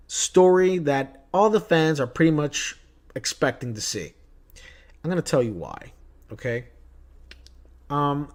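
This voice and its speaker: Chatty man with a slightly high voice. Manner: chatty, opinionated, tells anecdotes. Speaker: movie news vlogger. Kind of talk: casual opinion vlog.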